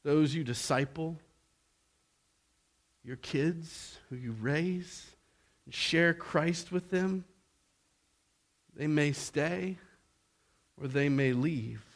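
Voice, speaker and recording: A man preaching a sermon, swinging between loud exhortation and hushed softness and asking rhetorical questions. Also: a little high, extremely slow, pauses often. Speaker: pastor.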